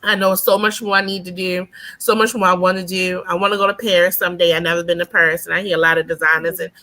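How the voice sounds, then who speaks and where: Bright-voiced animated woman telling stories. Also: on the low side, fast talker. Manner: animated storyteller, often asks "you know what I mean". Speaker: guest. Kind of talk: casual podcast conversation.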